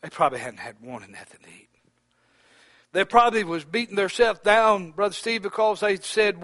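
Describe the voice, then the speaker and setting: Preacher swinging from shouts to whispers. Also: male voice, sits high, animated, moderate pace, dry recording. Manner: swings from loud exclamations to near-whispers, addresses brothers by name. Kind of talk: sermon.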